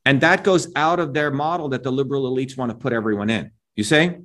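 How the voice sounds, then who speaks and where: A man's voice: medium pitch, fast talker, a bit bright. A middle-aged man giving an interview as a guest, talking in an emphatic, lecturing way and often checking in with "right?" and "you see?". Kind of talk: animated opinionated interview talk.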